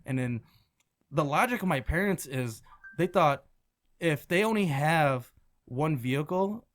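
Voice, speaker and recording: A man from Michigan, a podcast guest telling stories in casual chat, animated and quick to laugh, often restarting his sentences. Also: on the high side. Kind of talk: casual storytelling.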